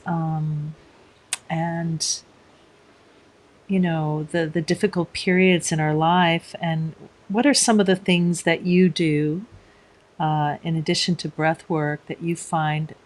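A woman hosting a podcast interview, speaking gently with frequent hesitations. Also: low-pitched. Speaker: host.

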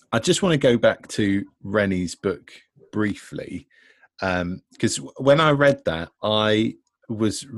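A man's voice: on the low side, no room sound. A man from Britain hosting a discussion, earnest and rambling with nervous laughs. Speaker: discussion host. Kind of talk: casual discussion.

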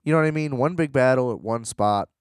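A man's voice: mid-range voice, quick pace, smooth, dry recording, studio quality. A young man in a rambling, sarcastic casual rant, full of fillers and restarts.

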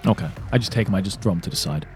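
A man playing a tabletop game, talking bluntly and profanely in quick bursts with frequent restarts. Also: sits low, soft background music. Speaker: player. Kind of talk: casual tabletop game play.

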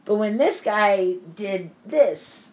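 A woman's voice: mid-range voice, animated, takes it slowly, a little mellow. A woman telling a long work story in casual chat, rambling and peppered with "like" and swearing. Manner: rambling, profane storytelling full of "like".

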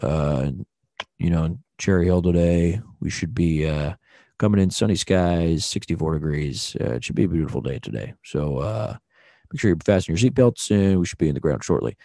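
A man doing a deep, smooth-operator pilot. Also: animated, moderate pace, mellow, dry recording, clean studio sound. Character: cool, smooth-talking male pilot on the radio.

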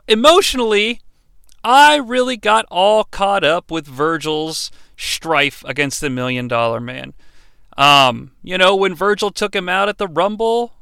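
A man hosting a comedic podcast, talking in an animated, jokey, mock-dramatic way. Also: high-pitched, vocal fry, clear, resonant tone, no room sound, clean studio sound. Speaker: podcast host. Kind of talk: comedic wrestling podcast monologue.

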